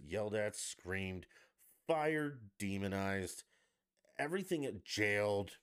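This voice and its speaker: A low-pitched man rants through a political podcast monologue. He talks bluntly and sarcastically and swears freely. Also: animated, slow. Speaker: podcast host. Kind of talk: angry political rant.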